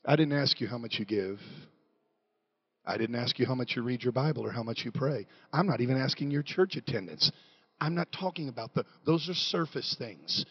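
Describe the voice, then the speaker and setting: A middle-aged man preaching a sermon in a church, moving between quiet confession and loud shouting. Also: medium pitch, a little fast, breathy edge, lo-fi sound.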